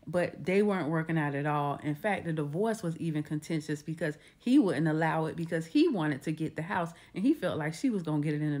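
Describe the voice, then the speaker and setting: A woman's voice: sits low, darkish tone. A woman retelling a true crime case in a casual, conversational way, restarting her sentences often. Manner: conversational, with frequent restarts and acted quotes.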